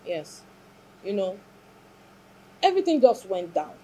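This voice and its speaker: A woman's voice: medium pitch, sing-song, unhurried, mellow, husky, poor audio. A woman, speaking as an interview guest and earnestly, reflectively recounting a hard time in her life and her faith. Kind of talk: emotional personal testimony.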